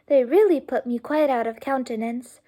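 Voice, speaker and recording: Gushing young lady voiced by a woman, breathless exclamations, high voice, mellow tone. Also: moderate pace.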